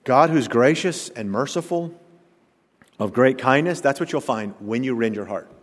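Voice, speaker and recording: A man, a pastor, preaching a sermon that swings from loud declarations to hushed asides. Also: medium pitch, expressive, moderate pace, big-room sound.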